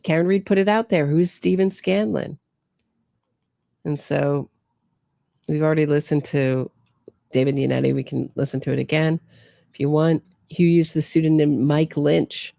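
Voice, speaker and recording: A woman's voice: sits low, vocal fry, mellow, dry recording, clean studio sound. A woman hosting a true crime show, giving sarcastic, incredulous commentary full of pointed questions. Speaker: true crime podcast host.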